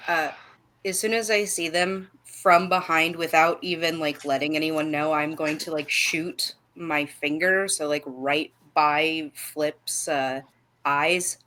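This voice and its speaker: A woman playing a tabletop game, playful and full of fillers as she talks. She speaks slowly in a fairly low voice. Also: steady tone, bright, forceful tone. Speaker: player. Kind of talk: tabletop role-play chat.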